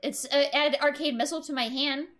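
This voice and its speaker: A young woman streaming a card game, excitable and laughing often as she reads card text aloud. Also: high-pitched, a little fast. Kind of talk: live game commentary.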